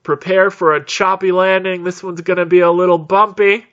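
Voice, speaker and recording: A man voicing a calm male airline pilot making loud cabin announcements. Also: high voice, normal speed, pitched above the performer's own voice. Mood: announcing. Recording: dull lo-fi recording.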